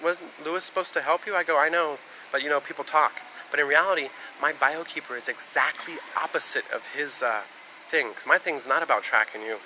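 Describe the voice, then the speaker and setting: A man's voice: a little high, sharp tone, a little hiss or hum, low-quality recording. A man from the United States talking on a live stream in a rambling, casual monologue that jumps between topics and swears freely.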